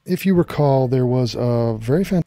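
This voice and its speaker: A man's voice: mid-range voice, lively intonation, normal speed, warm tone. A man hosting a talk show, delivering a mocking, profane and emphatic commentary rant. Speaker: radio show host.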